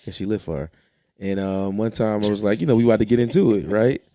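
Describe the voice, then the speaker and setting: Man guest, casual storytelling, quick pace, dry close sound. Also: lowish voice, dark tone, dry recording. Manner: storytelling, laughs through lines. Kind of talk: casual chat.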